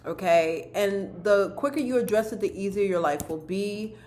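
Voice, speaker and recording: A woman's voice: mid-range voice, normal speed, a little mellow. Woman doing a card reading for viewers, earnest, keeps repeating herself, roomy echo, bit of hiss behind. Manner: earnest, repeats key phrases, speaks directly to viewers. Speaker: spiritual card reader.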